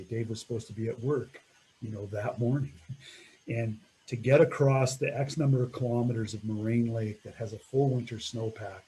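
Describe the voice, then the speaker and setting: Mellow-voiced man recounting a climb. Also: medium pitch, a little hiss or hum, poor audio. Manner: reflective, laughs often, trails off. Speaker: mountaineer telling a climbing story. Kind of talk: storytelling talk over slides.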